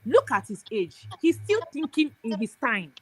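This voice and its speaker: A woman's voice: a little high, sing-song, a little slow, breathy edge, no room sound. A woman from Nigeria, calling in to a live show and explaining her view while checking that the listener understands. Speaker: caller. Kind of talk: call-in commentary.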